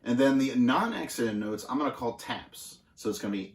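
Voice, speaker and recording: A man gives a casual drum lesson, talking things through in a relaxed and halting way. His medium-pitched voice rings in a roomy, echoey practice space, with a faint hiss under it. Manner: relaxed, halting with many fillers. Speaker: drum instructor. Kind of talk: casual instructional demonstration. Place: music school practice room.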